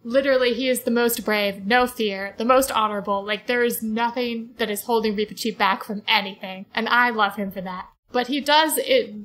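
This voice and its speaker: A woman's voice: on the high side, normal speed, hardly any pauses, a bit bright, faint music behind, rough recording. A woman co-hosting a podcast, chatting enthusiastically about a book with lots of 'like' fillers. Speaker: podcast co-host. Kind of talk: casual book discussion.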